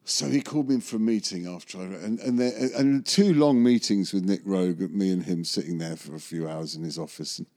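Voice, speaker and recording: A man's voice: low-pitched, a little fast, hardly any pauses, a little mellow. Rambling man telling a story. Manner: rambling, self-correcting, chuckling. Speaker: magician recalling film work. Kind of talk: anecdotal interview storytelling.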